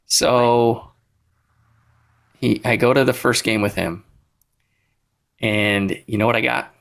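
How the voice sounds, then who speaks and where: A man co-hosting a podcast, telling a rambling, animated story in casual chat. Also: medium pitch, slow pace, vocal fry. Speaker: podcast co-host.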